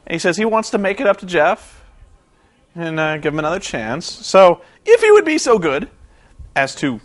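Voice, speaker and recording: Sarcastic, exasperated male vlogger, high lively voice, rambling. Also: moderate pace. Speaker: vlogger reviewing a wrestling show. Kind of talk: rambling commentary vlog.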